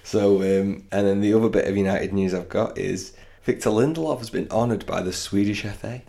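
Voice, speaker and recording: Low, gravelly man bantering. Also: brisk, mellow. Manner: banter, laughing, swearing. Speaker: podcast co-host. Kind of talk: casual football chat.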